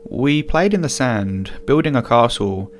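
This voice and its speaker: A man reading a first-person horror story aloud in a calm storytelling manner. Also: mid-range voice, unhurried. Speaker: narrator. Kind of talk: scripted narration.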